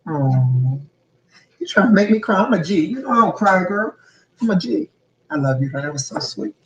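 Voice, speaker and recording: A woman hosting a motivational talk show, chatting in an animated, playful and teasing way. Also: fairly low pitch, moderate pace, distant mic, lo-fi sound. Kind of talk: casual motivational chat.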